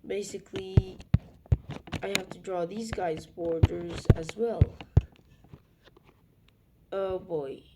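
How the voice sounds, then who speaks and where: A woman's voice: on the low side, fairly even intonation, slow pace, long pauses. Young woman rambling over a map video. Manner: rambling, self-mocking asides, soft muttering. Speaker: mapping video narrator. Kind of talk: casual map-video commentary. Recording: loud background noise.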